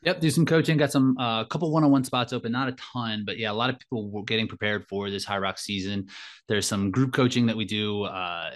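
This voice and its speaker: In a casual interview, an elite fitness racer and coach speaks in a fairly low voice at a fairly quick pace. He comes across as reflective, with frequent "like" and "right?" sprinkled through his talk.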